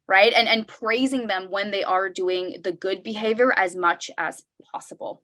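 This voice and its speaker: A young woman presents a parenting workshop over a video call in a relaxed, conversational way and keeps checking in with her listeners. Her voice sits in a middle range, and she brightens it whenever she acts out what a parent might say. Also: medium pitch, fairly quick, hardly any pauses. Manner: conversational, tags sentences with "right?". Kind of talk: online parenting workshop talk.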